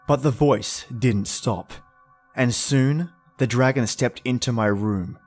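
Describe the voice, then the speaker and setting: A man narrating a first-person horror story in a somber, emotional manner. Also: medium pitch.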